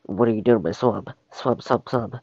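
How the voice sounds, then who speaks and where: A man's voice: on the low side, moderate pace, a little mellow, dry recording. A man voicing a grumpy male ogre who barks impatient orders, in dull lo-fi stream audio. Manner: gruff and impatient, barking orders.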